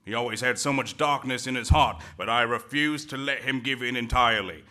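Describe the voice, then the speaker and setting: A man playing an earnest young hero seeking revenge in improv comedy, stammering and deadpan. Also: medium pitch, fairly quick, natural voice.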